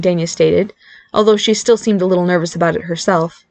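A woman's voice: fairly low pitch, steady tone, brisk, a little mellow, no echo. Woman narrating an audiobook, dry sound. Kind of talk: scripted narration.

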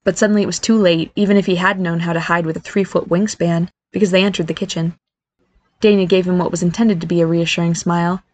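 Low-voiced woman narrating a story. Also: fairly even intonation, quick pace, darkish tone. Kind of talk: scripted narration.

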